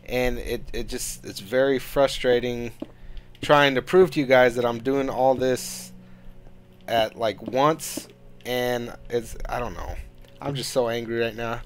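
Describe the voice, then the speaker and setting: A man's voice: mid-range voice, measured pace, faint music behind. A man hosting his own gaming channel, talking through a let's-play in a frustrated, rambling way and swearing a lot. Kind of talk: casual let's-play commentary.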